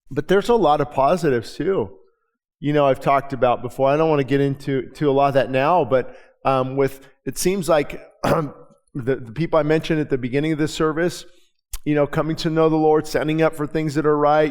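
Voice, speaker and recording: A pastor preaching a sermon, reading scripture slowly and then explaining it in quick, conversational asides. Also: male voice, on the high side. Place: church.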